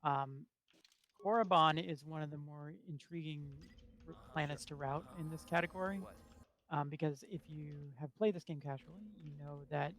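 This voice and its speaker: A man's voice: a little high, fairly even intonation, normal speed, fairly bright tone. A man commentating live on his own game run, explaining the route methodically with frequent ums.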